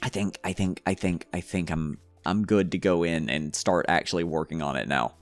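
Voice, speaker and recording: A man's voice: low-pitched, normal speed, dry recording, faint music behind. A man giving casual gameplay commentary, rambling and joking to himself with frequent stumbles. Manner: rambling, jokey self-talk with stumbles. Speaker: gamer.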